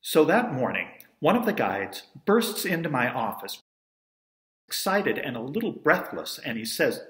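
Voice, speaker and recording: Man, storytelling monologue, wry asides, lively pitch, roomy echo. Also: unhurried. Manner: wry, conversational, self-amused asides.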